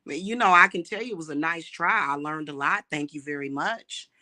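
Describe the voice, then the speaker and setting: A woman's voice: sits low, a little fast, bright, forceful tone. A woman ranting heatedly on a livestream, cursing often, repeating words when worked up and calling her viewers y'all. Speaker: livestream host.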